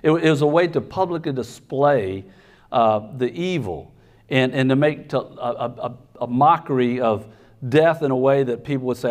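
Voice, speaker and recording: A man preaching a sermon, telling a comic story with lively, animated delivery and sudden shouted outbursts. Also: medium pitch, normal speed. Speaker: pastor.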